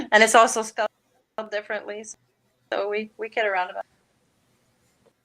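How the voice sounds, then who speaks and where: A woman's voice: mid-range voice, fairly even intonation, a little slow, fairly bright tone, poor audio. Chatty woman from Quebec. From Quebec, Canada. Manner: chatty, laughing, restarts often. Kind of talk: casual group chat.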